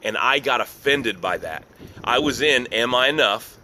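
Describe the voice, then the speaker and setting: A middle-aged man gives a motivational business talk, earnest and emphatic, and circles back to the same phrases again and again. His voice is bright and forceful, pitched in the ordinary middle range for a man. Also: lively intonation, moderate pace, a little hiss or hum. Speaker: business coach.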